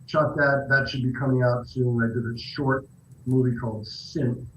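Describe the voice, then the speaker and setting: A man's voice: mid-range voice, flat delivery, normal speed, fairly bright tone, roomy sound, highs cut off, a little hiss or hum. A man being interviewed as an actor guest, talking reflectively and telling stories with restarts. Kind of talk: casual interview talk.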